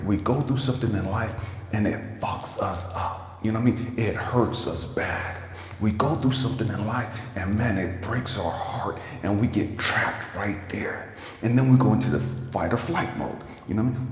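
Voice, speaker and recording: A man with a very low voice tells a motivational story straight to his livestream viewers. He talks emphatically and casually and drops curse words along the way. His voice rings in a roomy space with long reverb and a faint hiss underneath. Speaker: life coach and motivational speaker. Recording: echoey room with long reverb and faint noise.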